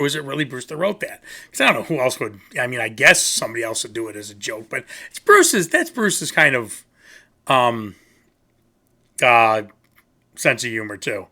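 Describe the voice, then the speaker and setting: A man's voice: mid-range voice, pushed and bright. A man casually reviewing music on his channel, rambling and goofy, poking fun at himself. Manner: rambling, goofy, self-mocking. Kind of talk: casual rambling video talk.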